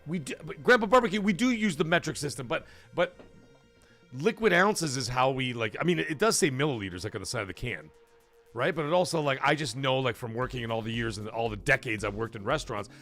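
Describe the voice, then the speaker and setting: A man's voice: medium pitch, expressive, quick pace, fairly bright tone, faint music behind. A man hosting a casual live stream, chatting with viewers, rambling with many fillers and restarts and swearing freely. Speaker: streamer and show host.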